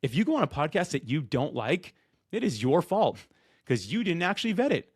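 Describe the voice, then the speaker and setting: A man who talks loud and fast, coaching people on being podcast guests in an energetic, direct-to-camera way, often acting out what guests and hosts say. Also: a little high, husky, dry recording, clean studio sound.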